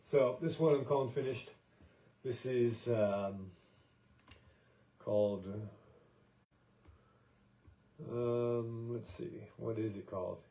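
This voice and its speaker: A man's voice: mid-range voice, takes it slowly, long pauses, warm tone, poor audio. An American man hosting a podcast, talking in a casual, meandering way with many fillers and restarts. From United States. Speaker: podcast host. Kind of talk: casual rambling monologue.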